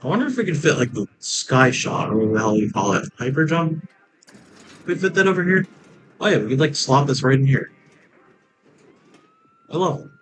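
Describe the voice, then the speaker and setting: A man talking through a theme park building game in a loose, rambling way. He cracks jokes and laughs at them as he goes. His pitch sits in an ordinary middle range, with soft game music under his voice. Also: animated, fairly quick, long pauses, rough recording. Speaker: let's play gamer. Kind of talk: casual gameplay commentary.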